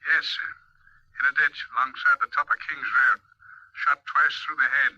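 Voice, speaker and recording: An actor playing a brisk police officer giving an official report in an old radio drama. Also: male voice, mid-range voice, fairly even intonation, bright, forceful tone, no room sound. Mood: businesslike. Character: clipped male police officer reporting by phone. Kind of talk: 1940s radio acting. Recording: dull, lo-fi, dry old radio recording.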